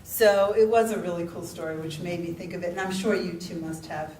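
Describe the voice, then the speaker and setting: A woman's voice: fairly low pitch, brisk, a little mellow, a little hiss or hum. A woman hosting a live author panel, chatty and loose in her questions. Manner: chatty, loose, full of fillers. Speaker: event host and moderator. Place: event room. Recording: echoey room mic from a distance.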